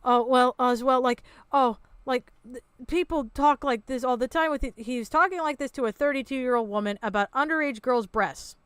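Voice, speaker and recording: A woman's voice: high-pitched, normal speed, fairly bright tone, clear, resonant tone, no room sound. A woman hosting a reaction commentary, ranting in a sarcastic, exasperated way and swearing freely. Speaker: commentary channel host.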